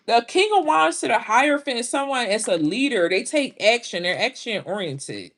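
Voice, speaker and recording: Woman, casual tarot reading, exclaiming, high-pitched. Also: a little hiss or hum. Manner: animated, exclaiming, drawn-out reactions. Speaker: tarot reader.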